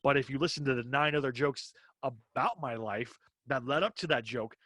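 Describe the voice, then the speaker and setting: A man's voice: mid-range voice, moderate pace, a bit bright, no echo. A man co-hosting a comedy podcast, talking casually and with strong opinions, often acting out quoted exchanges.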